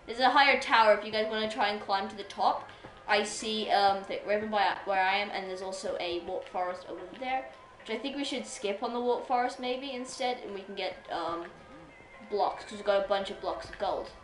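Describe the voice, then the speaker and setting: A woman streamer chatting playfully while gaming, with bursts of excitement. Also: medium pitch, fairly quick, echoey room, soft background music, rough recording. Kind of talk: casual gameplay chat.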